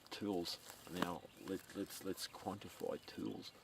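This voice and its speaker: A low, flat male voice with vocal fry moves slowly through a rambling graveside monologue to camera. The vlogger repeats himself, swears, and chuckles as he goes, picked up by a distant mic amid faint outdoor sounds.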